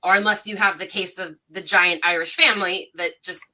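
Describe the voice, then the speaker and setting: Bright animated woman telling stories. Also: lowish voice, a little fast. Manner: animated, acts out dialogue with rising voice. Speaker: psychic medium. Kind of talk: casual storytelling on a livestream panel.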